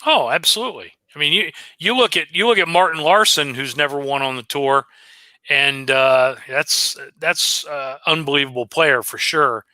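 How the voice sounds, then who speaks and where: Man with a sharp, very dry voice. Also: on the high side, normal speed, dry recording. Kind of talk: casual chat.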